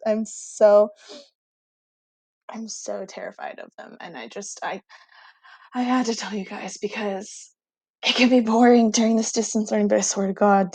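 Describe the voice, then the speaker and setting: Young woman, teacher, casual storytelling, excitable, dry close sound. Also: medium pitch, a little slow, dry recording. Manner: animated, excitable, full of "like".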